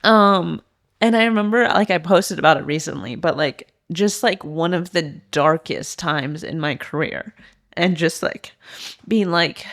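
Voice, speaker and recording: A woman's voice: lowish voice, unhurried. A woman in her thirties, a former swimmer and coach, candidly telling her story as a podcast guest, full of "like" fillers. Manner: earnest, heavy use of "like" fillers.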